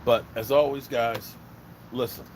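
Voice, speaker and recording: A man's voice: mid-range voice, steady tone, measured pace, slight background noise, rough recording. A man from Virginia hosting a casual live stream, talking bluntly and rambling, swearing freely. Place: outdoors by a smoker fire.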